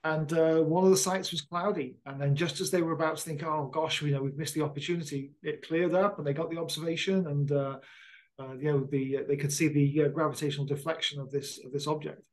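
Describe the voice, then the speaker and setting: A man's voice: a little high, steady tone, a little fast, darkish tone, rough recording. A middle-aged man, an astronomer, chatting casually and explaining with enthusiasm. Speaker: astronomer and former program manager. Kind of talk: casual conversation.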